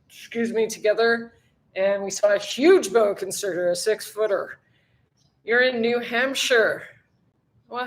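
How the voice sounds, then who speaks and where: Bright, chatty American woman livestreaming. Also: on the high side. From United States. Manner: chatty, swears lightly, reads and answers comments. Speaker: livestream host. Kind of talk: casual live chat with viewers. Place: outdoors in bright sun.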